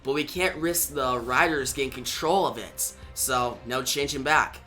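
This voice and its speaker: A comic reviewer reading out the lines of a stern male superhero guardian in a lower, quieter, measured voice. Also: faint music behind. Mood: serious.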